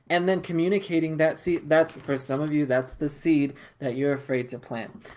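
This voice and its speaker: Sassy, swearing male tarot reader. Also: on the high side. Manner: sassy, profane and animated, laughing and calling listeners honey. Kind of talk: casual collective tarot reading.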